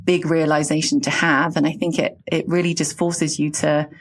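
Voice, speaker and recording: A woman from England in her late thirties, talking in an earnest, reflective and halting way on a casual podcast. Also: sits low, flat delivery, slightly rough. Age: late 30s.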